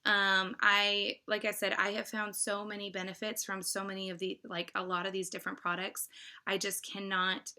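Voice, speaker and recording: A woman in her thirties vlogging straight to her viewers. Her voice is bright and clear at a middle pitch, and she talks in an effusive, heartfelt way, full of "um"s and restarts. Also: completely flat delivery, moderate pace. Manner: emotional, effusive and grateful, many fillers. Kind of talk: casual personal vlog.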